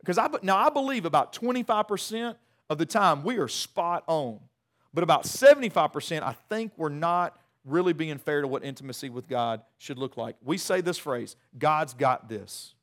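A middle-aged man, preaching a sermon in a conversational, animated way with many restarts. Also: a little high, moderate pace. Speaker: pastor.

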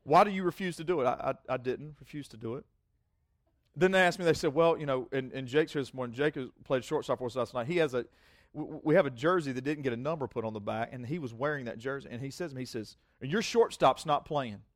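Speaking quickly in a mid-range voice on a dry, studio-quality recording, a pastor rambles through a personal story in his sermon. He mocks himself, repeats words often, and plays out both sides of a conversation.

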